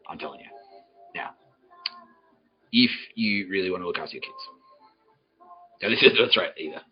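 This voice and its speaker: A man's voice: low-pitched, normal speed, lo-fi sound, soft background music. A man hosting a comedy podcast, swearing often and laughing as he jokes with the live audience. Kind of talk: improvised comedy monologue, relaying a psychic's words.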